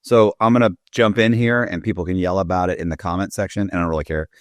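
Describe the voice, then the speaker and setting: A man with a low voice spins a loose story in relaxed podcast chat. He circles back, restarts phrases and leans on fillers. The sound is dry and close. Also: fast talker, no room sound. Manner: rambling, many restarts and fillers. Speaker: podcast guest. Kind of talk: casual storytelling.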